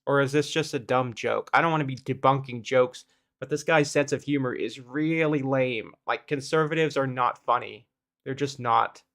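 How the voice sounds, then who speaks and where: A man's voice: mid-range voice, moderate pace, fairly bright tone. A man hosting a casual debunking commentary in an exasperated, conversational way. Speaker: host.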